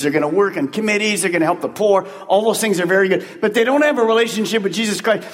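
A male pastor preaching to his congregation in an emphatic, conversational style full of rhetorical questions. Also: high-pitched. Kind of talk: sermon. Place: large church sanctuary. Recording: long church-hall reverb.

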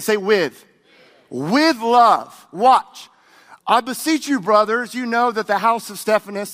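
A man's voice: high-pitched, a bit bright. A male pastor preaching a sermon, speaking emphatically and having the congregation repeat words back to him. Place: church sanctuary. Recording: long reverb of a large hall.

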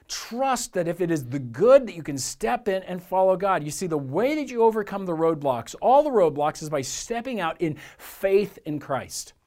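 Earnest, higher-voiced male pastor preaching. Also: darkish tone. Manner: earnest, conversational preaching with rhetorical repetition. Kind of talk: sermon.

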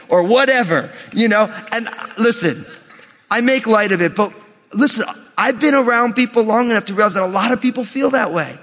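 Male pastor, high voice, animated sermon delivery with humorous asides, long hall reverb. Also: a little fast. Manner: animated, rising to shouts and dropping to near whispers.

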